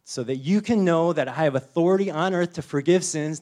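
A young man preaching a sermon in a casual, animated way, full of "you know" and "like", acting out voices as he retells a Bible story. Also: fairly high pitch, brisk. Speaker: pastor.

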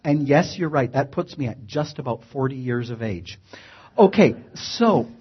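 A man telling a funny personal story in an animated, wry way, acting out the action. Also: mid-range voice, normal speed, breathy edge, dull audio. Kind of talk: live comic storytelling.

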